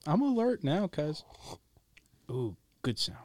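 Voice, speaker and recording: Podcast guest guy, super animated pitch, dry close mic, teasing quick comebacks. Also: no room sound. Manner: teasing, banters with quick short replies. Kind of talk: casual podcast chat. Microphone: podcast studio mic.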